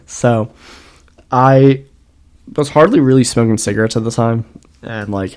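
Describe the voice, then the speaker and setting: A man's voice: mid-range voice, slow pace, long pauses, a little mellow. A man co-hosting a podcast in casual chat, telling rambling, profane stories and laughing often. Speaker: podcast co-host.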